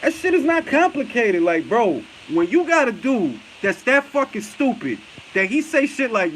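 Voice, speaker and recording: A man's voice: extremely high pitch, very animated, moderate pace, a bit bright, a little hiss or hum, poor audio. A man with a New York accent hosting a boxing talk show, talking bluntly and profanely and often laughing as he answers viewer comments.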